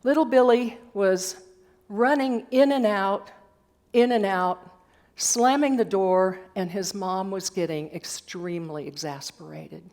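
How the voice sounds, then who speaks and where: An older woman giving a sermon at a spiritual center, telling stories with gentle humor and a measured delivery. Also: medium pitch. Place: church hall.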